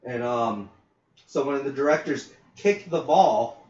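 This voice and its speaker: A man's voice: mid-range voice, expressive, measured pace, a little mellow. Rambling man telling a story in a roomy lo-fi recording. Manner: rambling anecdotes with fillers and swearing. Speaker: podcast co-host. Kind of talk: casual storytelling. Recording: roomy, distant, dull lo-fi mic.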